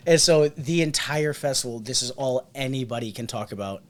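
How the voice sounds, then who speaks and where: Speaking at a normal speed in a mid-range voice, this podcast co-host spins a story during relaxed conversation. He gets animated, switching into different voices whenever he quotes someone.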